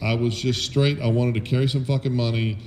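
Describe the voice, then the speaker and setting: A man's voice: medium pitch, fairly even intonation, brisk, a little mellow, slight background noise. Blunt, profane middle-aged man ranting. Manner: blunt, profane, opinionated rants. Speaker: podcast host. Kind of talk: casual political chat.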